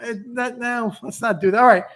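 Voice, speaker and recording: A man's voice: extremely high pitch, fairly even intonation, brisk, fairly bright tone. A man in his sixties hosting a podcast, chatting casually and rambling with restarts and asides. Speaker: podcast host. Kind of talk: casual chat.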